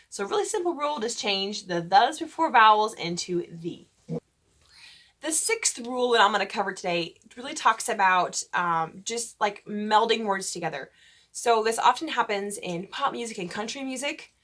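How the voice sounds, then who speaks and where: A woman's voice: mid-range voice, a bit bright. A woman voice teacher explaining diction rules for church cantors and demonstrating vowel shapes. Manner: explains patiently, breaks into sung vowel examples. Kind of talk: instructional talk with sung demonstrations.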